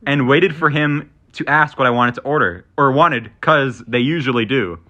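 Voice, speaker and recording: A man's voice: medium pitch, moderate pace, sharp tone, muffled recording. A young man hosting a podcast, retelling a story in casual chat with rambling restarts. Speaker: podcast host.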